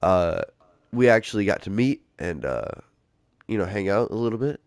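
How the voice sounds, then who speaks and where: A young man with a fairly low voice tells a story on his podcast. He rambles, swears freely and pads his sentences with "uh" and "like". The sound is close and dry. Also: sing-song, moderate pace, clean tone, no room sound. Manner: rambling and profane, heavy filler words. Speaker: podcast host. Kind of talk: casual storytelling.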